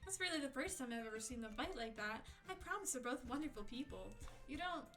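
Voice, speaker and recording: A woman's voice: high voice, expressive, quick pace, a bit bright, soft background music. A woman voicing a cheerful, bubbly teenage schoolgirl in a sing-song way, reading visual novel lines aloud. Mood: cheery.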